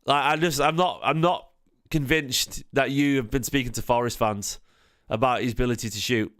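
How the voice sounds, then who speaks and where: A man's voice: mid-range voice, fairly even intonation, normal speed, a bit bright. Tired man rambling about football. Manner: rambling, restarts often, talks to chat. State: tired, half asleep. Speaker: football fan channel host. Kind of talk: casual livestream chat.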